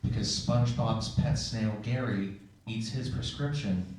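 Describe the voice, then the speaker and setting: A man rambles apologetically through a story setup, talking low and softly. He sounds distant in a very echoey room with a faint background hiss. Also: unhurried. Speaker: improv performer. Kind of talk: improv storytelling.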